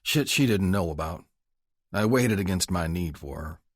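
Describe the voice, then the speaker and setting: A young adult man narrating a romance audiobook in first person, with a blunt, gruff delivery. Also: sits low, lively intonation, normal speed, no echo, studio quality.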